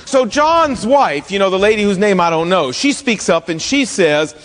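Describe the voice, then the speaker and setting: Male pastor, high voice, humorous self-mocking storyteller, sermon in a reverberant hall. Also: lively intonation, normal speed, a bit bright.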